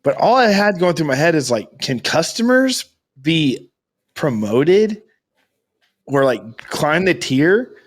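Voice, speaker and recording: A man's voice: a little high, big pitch swings, slow. A young man co-hosting a casual podcast in a loose, teasing way, throwing in "dude" and "y'all". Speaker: podcast co-host. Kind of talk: casual chat.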